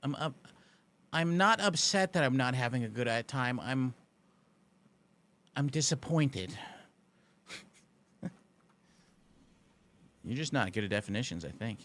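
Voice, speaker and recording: A man's voice: mid-range voice, lively intonation, moderate pace, pauses often, a bit bright. A man streaming a game live, chatting casually and answering his chat with dry, sarcastic banter. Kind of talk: casual gaming commentary.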